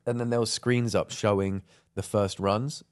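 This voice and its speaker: A man's voice: fairly low pitch, steady tone, normal speed, clean tone. A young man co-hosting a podcast in casual chat, rambling with lots of fillers and laughter. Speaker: podcast co-host.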